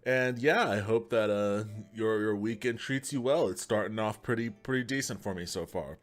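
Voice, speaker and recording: A man's voice: lowish voice, normal speed. A man from Texas hosting his podcast livestream, rambling casually and a bit profanely into a USB desk mic at home. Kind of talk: casual solo livestream chat. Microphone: USB desk mic on a stand.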